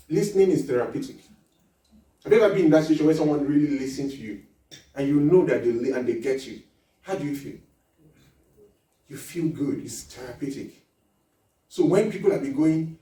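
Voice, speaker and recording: A man giving a lively marriage seminar talk, laughing often and acting out little dialogues as he teaches. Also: a little high, normal speed. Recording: echoey hall recording from far off.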